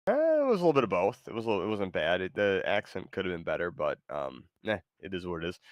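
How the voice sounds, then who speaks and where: Stream host, man, very low voice, halting and rambling, dry close mic. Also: very animated, no room sound. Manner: halting, full of fillers and restarts. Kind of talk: casual stream chat.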